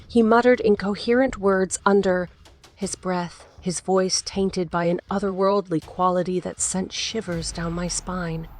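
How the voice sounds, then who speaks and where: A woman voicing a frightened, grieving widow in an audiobook, speaking in a trembling, hushed voice. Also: on the low side, fairly even intonation, unhurried, slight background noise, lightly acted. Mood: fearful. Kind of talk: audiobook character voice.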